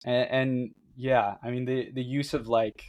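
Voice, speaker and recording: A man's voice: mid-range voice, level tone, unhurried, darkish tone, no room sound, highs cut off. A man co-hosting a podcast in a casual book discussion, enthusiastic and laughing often. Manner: enthusiastic, laughs often, reads quotes aloud. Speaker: podcast co-host.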